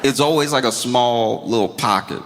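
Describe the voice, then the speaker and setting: A man's voice: mid-range voice, normal speed. Man doing stand-up in an echoey hall. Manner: animated storytelling, jumps into character voices. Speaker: stand-up comedian. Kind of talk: stand-up comedy set. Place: comedy stage before an audience. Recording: reverberant hall with audience noise.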